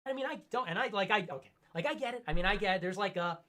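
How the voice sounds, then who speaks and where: Fast, bright-voiced young man ranting. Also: high voice. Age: 20s. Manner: animated, ranting, mocking voices. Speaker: co-host. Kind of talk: casual late-night stream chat.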